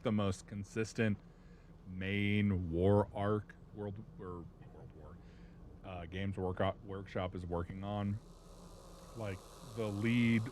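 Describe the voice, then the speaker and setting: A man with a lowish voice chats casually on a live stream, telling animated, profane, rambling stories. There's slight background noise.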